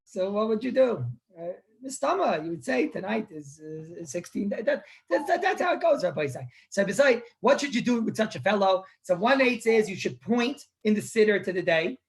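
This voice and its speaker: A man, a rabbi, teaching an informal live online class on Jewish law, talking conversationally, repeating words and often clearing his throat. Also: sits high, sing-song, brisk, few pauses.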